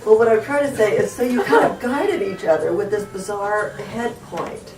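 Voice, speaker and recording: A woman, a daughter, telling an animated story about her mother, laughing as she goes. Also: mid-range voice, moderate pace. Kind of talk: storytelling in a family interview. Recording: roomy, distant mic, music behind.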